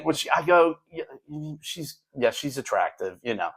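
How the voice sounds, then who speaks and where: An older man, a retired teacher co-hosting a chat show, telling a school story in an animated way and acting out the kids' lines. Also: medium pitch, a little fast, hardly any pauses. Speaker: retired teacher, podcast co-host.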